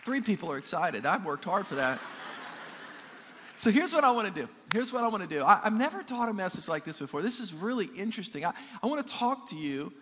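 A man's voice: high voice, very animated, fairly quick, a bit bright, some chatter behind. A male pastor preaching a sermon to a live congregation. He stumbles and repeats words as he builds toward each point, and he calls out questions to the room. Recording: long hall reverb.

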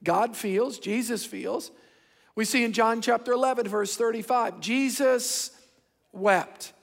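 Middle-aged pastor guy preaching, high gravelly voice, emphatic and repetitive, big echoey church. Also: takes it slowly. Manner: emphatic, repeats himself, shifting pace for stress. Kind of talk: sermon. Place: large church hall. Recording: hall reverb from a large sanctuary.

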